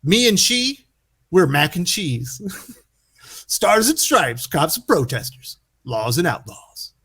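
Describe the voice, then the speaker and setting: A man voicing a brash, cocky cyborg brawler, reading the lines slowly and drawn out in a raised, louder voice. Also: very animated, gravelly, slightly rough, full character voice. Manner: slow, drawn-out read with a raised pitch.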